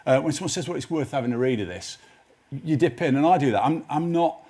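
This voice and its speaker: A man's voice: a little high, animated, quick pace, dark tone. A man, a guest writer telling rambling stories full of restarts on a studio chat show. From Nottinghamshire, England. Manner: rambling, self-interrupting storyteller. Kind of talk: anecdotal chat show interview. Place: TV studio with live audience.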